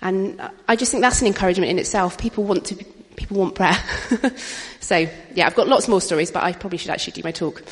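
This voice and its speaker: A middle-aged woman gives an informal testimony talk at a church gathering, speaking fast in a medium-pitched voice. She is chatty and anecdotal, laughing frequently, and the recording carries the reverb of a large hall.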